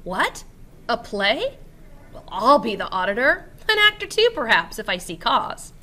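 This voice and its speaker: A woman's voice: a little high, very animated, a little slow, pushed and bright, exaggerated voice. A woman reading the lines of a mischievous male fairy sprite in a teasing, rhythmic recitation.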